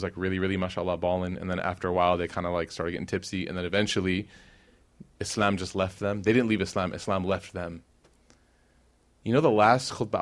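A young man giving an informal sermon, talking casually with the crowd, then rising to emphatic peaks. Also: lowish voice. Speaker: preacher.

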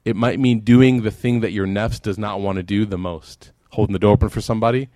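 A man's voice: lowish voice, fairly even intonation, a little fast, dark tone, no echo, clean studio sound. A man giving a sermon, telling a story and then closing in fervent prayer. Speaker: preacher.

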